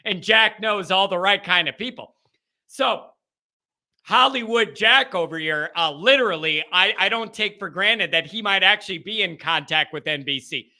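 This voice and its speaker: Male call-in host, high bright voice, animated and rambling. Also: moderate pace. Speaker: show host. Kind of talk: live call-in show chat.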